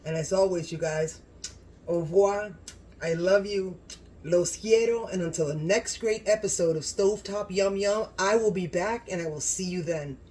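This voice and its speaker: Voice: medium pitch, normal speed, a little mellow. Gushing cooking vlog host. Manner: effusive, gushing, exclaims often. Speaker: home cooking channel host. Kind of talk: casual cooking vlog, talking to camera.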